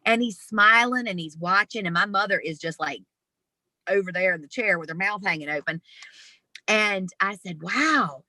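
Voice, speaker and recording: A woman being interviewed over a video call, telling a personal story in a lively, expressive way. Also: medium pitch, normal speed, no echo. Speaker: interview guest. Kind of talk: storytelling in conversation.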